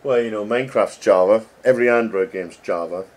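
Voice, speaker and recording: A middle-aged English game developer chats casually and jokes while reading code names aloud. His lowish, darkish voice moves briskly.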